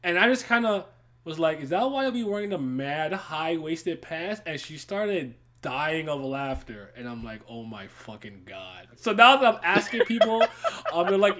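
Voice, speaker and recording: A man's voice: sits high, lively intonation, moderate pace, a bit bright. A man hosting a casual podcast chat, telling a rambling story and breaking into laughter often. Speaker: podcast host.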